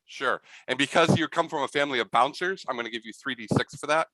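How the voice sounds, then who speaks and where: A man's voice: medium pitch, fast talker, bright, forceful tone, no room sound, rough recording. A man narrating a tabletop game as game master, rambling and full of fillers.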